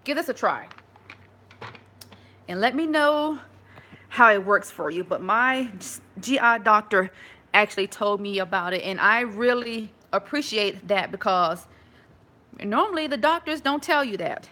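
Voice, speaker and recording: A woman's voice: mid-range voice, expressive, a little slow, pushed and bright. A woman chatting casually with live viewers from her home, rambling with many restarts. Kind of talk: casual live-stream chat.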